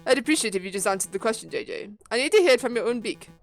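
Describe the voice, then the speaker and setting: A woman's voice: fairly high pitch, expressive, rapid-fire, faint music behind. A woman voicing a smug, formal male bird rival who probes with cool questions in a video game reading.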